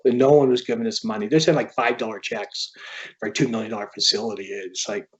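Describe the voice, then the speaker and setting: An author telling a personal story as a podcast guest, in an earnest, halting way. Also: male voice, lowish voice, fairly even intonation, highs cut off. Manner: earnest, halting, quoting others as he tells a story.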